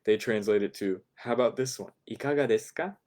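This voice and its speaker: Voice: mid-range voice, fast talker, darkish tone. A language teacher explaining a lesson in a chatty way, with ums and laughing asides.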